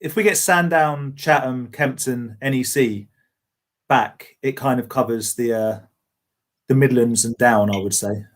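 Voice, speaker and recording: A man's voice: medium pitch, measured pace. A man hosting a live podcast, joking and bantering in stop-start sentences. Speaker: podcast host. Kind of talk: casual chat on a live stream.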